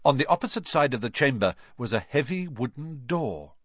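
A man reading a children's fantasy story aloud with expressive, dramatic narration. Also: medium pitch, normal speed, dry recording, highs cut off. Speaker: audiobook narrator.

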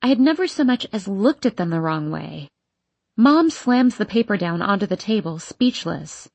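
Husky woman narrating a teen novel. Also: medium pitch, big pitch swings, moderate pace, no echo. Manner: emotional, intense, voicing an upset teenage girl. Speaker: audiobook narrator.

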